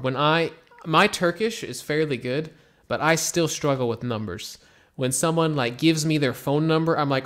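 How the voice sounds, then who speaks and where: A young American man teaching English in a casual live stream, slowly repeating example phrases and answering questions. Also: medium pitch. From United States. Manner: relaxed, slow repetitions of example phrases, mixes in Turkish.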